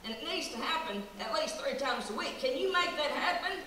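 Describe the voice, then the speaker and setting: Bright-voiced comic woman in a hall. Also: sits high, lively intonation, a little fast. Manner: folksy drawl, chatty and playful. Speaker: stand-up comic in character. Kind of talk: country comedy storytelling. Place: live stage show in a large hall. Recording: echoey hall from far off, noisy.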